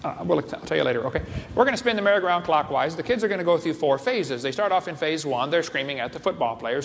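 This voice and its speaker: A man's voice: fairly high pitch, lively intonation, fast talker, few pauses. A man giving a joking lecture to a live audience, wisecracking and tossing quiz questions at the crowd. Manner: wisecracking, quizzes the crowd with asides. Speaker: creationist speaker. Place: large hall with an audience. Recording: long hall reverb, faint hiss.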